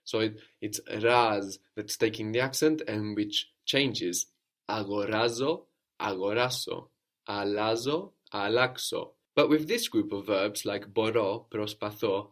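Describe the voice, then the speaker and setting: A man with a lowish voice leads a language lesson. He explains at an unhurried pace and prompts the student, then echoes each reply back to confirm it. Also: expressive. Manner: patient, prompts the student and repeats answers. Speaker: language teacher. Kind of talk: guided audio lesson.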